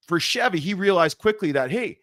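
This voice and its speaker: A man co-hosting a podcast, asking long setup questions in a relaxed, chatty way. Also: high voice, brisk, no room sound, studio quality. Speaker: podcast co-host. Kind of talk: casual interview chat.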